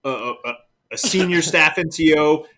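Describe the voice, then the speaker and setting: A man's voice: on the high side, moderate pace, sharp tone. A man hosting a casual podcast chat, talking emphatically with mild cursing.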